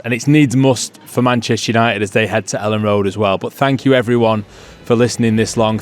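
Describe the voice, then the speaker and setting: A man hosting a podcast in casual chat, friendly as he wraps up and thanks his guests. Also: on the low side. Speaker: podcast host.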